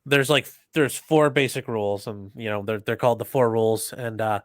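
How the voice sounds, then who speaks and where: Rambling American podcast host, very dry sound. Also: male voice, lowish voice, normal speed, no echo. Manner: rambling, animated, many restarts. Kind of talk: casual chat.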